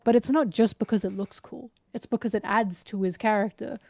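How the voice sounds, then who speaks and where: A woman talks in a casual podcast chat, eagerly breaking down scenes and characters. Her voice sits in a middle pitch. The sound is close and dry, with no room around it. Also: a little fast, gravelly, dry recording. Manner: animated, analytical, retells scenes. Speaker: guest.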